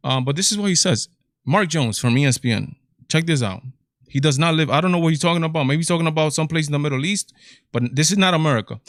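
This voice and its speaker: A man's voice: on the high side, quick pace, a bit bright, dry recording, clean studio sound. A man with a Latino accent hosting a political commentary livestream, exasperated and incredulous, firing off rhetorical questions. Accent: Latino English. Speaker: show host.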